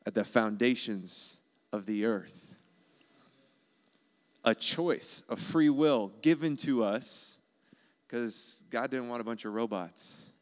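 Low gravelly man preaching a sermon. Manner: earnest, emphatic preaching with repetitions. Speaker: pastor.

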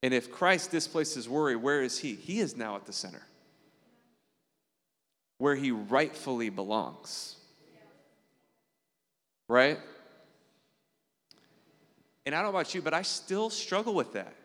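A man preaching a conversational sermon as pastor, earnest and animated, often checking in with the congregation through quick tag questions. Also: long reverb tail. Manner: earnest, animated preaching with sudden jumps in pitch.

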